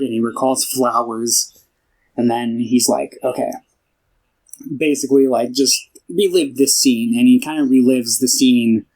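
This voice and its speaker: A young man chats through a film's plot on a casual podcast. He rambles and stops to act out each character's lines. His pitch sits at an ordinary middle level. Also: darkish tone, low-quality recording. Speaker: podcast co-host. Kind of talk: casual film podcast chat.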